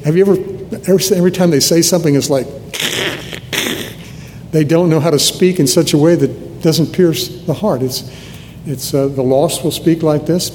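A Nebraska man in his seventies delivers an earnest, conversational sermon with restarts, his mellow voice sitting a little high for a man. The hall gives it a long, trailing reverb, with faint low noise underneath.

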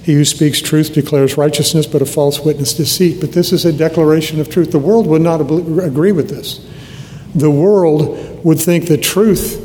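An older man in his seventies preaches earnestly, his voice mellow and set a little high for a man. The sermon is recorded in a hall with a long, trailing reverb and faint low noise behind it. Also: normal speed. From United States (Nebraska). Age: 70s. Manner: earnest, conversational preaching with restarts.

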